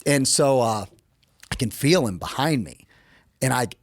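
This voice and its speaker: A man's voice: measured pace, no echo, clean studio sound. An American man, middle-aged, telling a story as a podcast guest, acting out the quotes with sudden jumps in his voice. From United States. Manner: animated, acts out quotes with lively pitch jumps. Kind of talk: casual storytelling.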